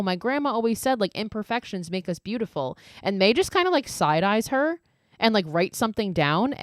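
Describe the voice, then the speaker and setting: A woman with a fairly low voice recaps a horror film in a loose, chatty way. She swears freely and laughs as she tells it. The sound is dry and close. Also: no echo. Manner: animated, profane, laughing storyteller. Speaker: podcast host. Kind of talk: casual horror movie recap.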